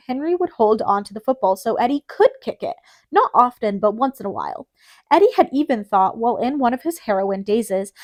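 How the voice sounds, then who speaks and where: A woman reading an audiobook in a steady, measured narration. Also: on the high side.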